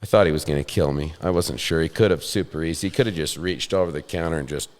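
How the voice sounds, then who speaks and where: A man's voice: rumbling low, quick pace. A man hosting a podcast, telling a funny story in a self-deprecating way with chuckles. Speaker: podcast host. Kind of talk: storytelling in casual chat. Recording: roomy with long reverb.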